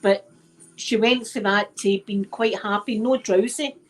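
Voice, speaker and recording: A woman's voice: medium pitch, fairly even intonation, a little slow, faint music behind, rough recording. Chatty Scottish woman rambling on stream. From Scotland. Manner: chatty, rambling, repeats herself. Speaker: livestream host. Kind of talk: casual chat. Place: at home. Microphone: phone.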